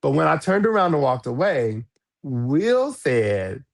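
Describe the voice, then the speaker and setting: A man telling a story as a podcast guest, frank and animated, with cursing and sudden high jumps in pitch when he quotes people. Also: a little slow, creaky. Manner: frank, swears freely. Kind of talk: storytelling in a casual interview.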